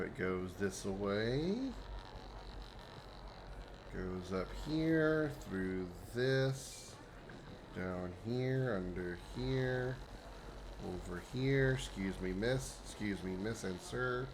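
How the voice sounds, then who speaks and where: A man's voice: lowish voice, drawn-out words, long pauses, noisy background. A man streaming a video game live, rambling and joking with his chat in casual commentary. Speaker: livestreamer.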